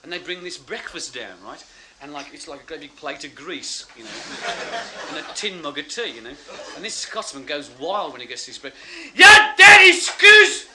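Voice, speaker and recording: A man telling a story in stand-up, animated and laughing as he talks. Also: fairly high pitch, fairly quick, crowd noise. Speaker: comedian. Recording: loud noisy live recording.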